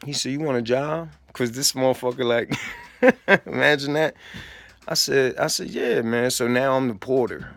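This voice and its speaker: Man, gravelly, profane street storytelling, dry recording. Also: mid-range voice, moderate pace, fairly bright tone, dry recording. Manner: profane, streetwise, acts out quoted exchanges. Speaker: storyteller recounting prison time. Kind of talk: casual storytelling.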